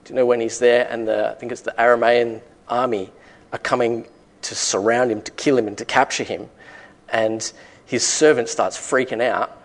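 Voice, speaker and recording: A man's voice: medium pitch, steady tone, moderate pace. Emphatic male preacher. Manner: emphatic preaching with rising rhetorical questions. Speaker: pastor. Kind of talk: sermon.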